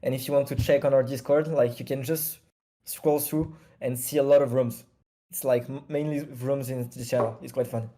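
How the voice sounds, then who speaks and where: Halting, mellow-voiced man. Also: medium pitch, steady tone. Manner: halting, many fillers and self-corrections. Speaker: project founder guest. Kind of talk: casual chat.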